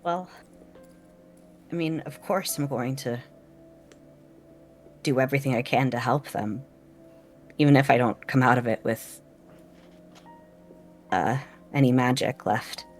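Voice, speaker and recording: A player at a live tabletop game who speaks hesitantly, with many pauses and ums. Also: medium pitch, faint music behind. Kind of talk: casual play at a tabletop game on a stream.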